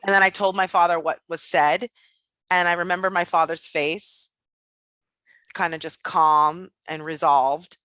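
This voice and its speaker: A woman with a bright, forceful voice tells a personal story as an interview guest. She is blunt and animated and swears without pause. The sound is close and dry. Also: low voice, no room sound. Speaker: guest, business coach.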